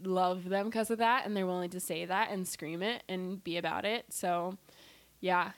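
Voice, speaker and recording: Woman, casual podcast guest: easygoing, chatty, mid pitch, dry close recording. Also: fairly even intonation, normal speed, no echo. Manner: laid-back, chatty, peppered with "like" and laughs. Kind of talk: casual chat.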